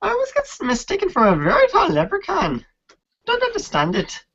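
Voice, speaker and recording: A man voicing a brash male half-elf fighter in a put-on Irish accent, high and boastful, a little off-mic on a lo-fi recording. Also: huge pitch swings, a little fast, vocal fry, fairly bright tone, heavily acted. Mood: cocky.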